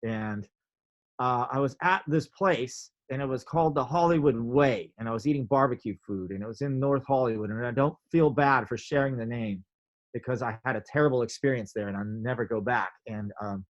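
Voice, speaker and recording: A man telling a story in a casual interview, animated, filling his talk with "like" and acting out quotes. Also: mid-range voice, a little fast, dull audio. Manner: animated, many "like" fillers, acts out quotes. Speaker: podcast guest, drummer.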